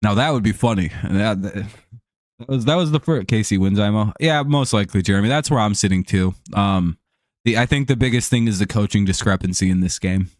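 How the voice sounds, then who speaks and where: Fairly low in pitch and fairly quick, a young man runs a casual sports chat stream. He rambles and swears, full of fillers and false starts, and answers viewers by name. Audio is dry and studio-clean.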